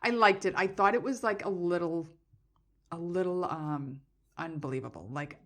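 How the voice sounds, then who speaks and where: A woman's voice: on the low side, normal speed, a bit bright. A middle-aged woman co-hosting a podcast, chatting casually and telling stories with lots of laughter. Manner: laughing, storytelling, playful. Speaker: podcast co-host. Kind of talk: casual chat.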